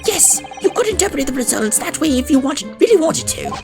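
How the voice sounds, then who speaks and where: A woman voicing an eccentric, excitable male mad scientist, high-pitched and rambling in a gushing rush, reading game dialogue aloud. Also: a little fast, vocal fry, heavily acted. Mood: defensive. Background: game music.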